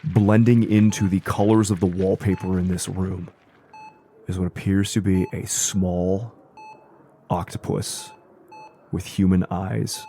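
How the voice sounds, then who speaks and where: A man acting as storyteller, narrating a tabletop horror game in slow, deliberate scene-setting. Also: low-pitched, little pitch movement, creaky, mellow, slight background noise.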